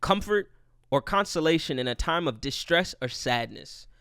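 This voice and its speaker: A man's voice: on the high side, lively intonation, normal speed, a bit bright, clear, resonant tone, dry recording, studio quality. A young man hosting a casual solo podcast, rambling and profane, joking at his own expense. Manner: profane, rambling, self-deprecating. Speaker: podcast host.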